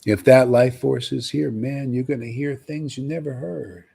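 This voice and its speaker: A man preaching on a livestream in an emphatic, animated way, often tossing in "man.". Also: mid-range voice, normal speed, gravelly, husky. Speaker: spiritual teacher.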